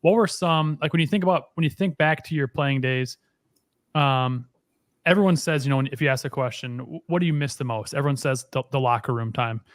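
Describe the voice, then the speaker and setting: Podcast co-host: man, rapid-fire talker, dry sound, restarts his questions as he goes. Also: medium pitch, dry recording. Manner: rambling, restarts questions mid-sentence. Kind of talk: casual chat.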